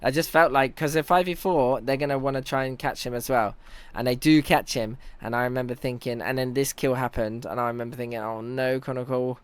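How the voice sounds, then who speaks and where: Young male team captain reviewing match footage in a loose, analytical chat. He sits at a middling pitch and sounds close and dry, with no room around him. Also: steady tone, a little fast, clean tone, no echo. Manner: chatty, analytical, self-teasing. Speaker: team captain and in-game leader. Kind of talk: casual commentary over match footage.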